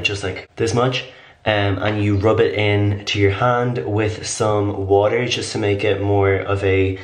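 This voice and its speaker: A man with a slightly raspy voice chatting through a casual skincare tutorial, rambling and full of fillers. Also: on the low side, a little hiss or hum. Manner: rambling, filler-heavy, upbeat. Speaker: beauty vlogger. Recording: echoey room.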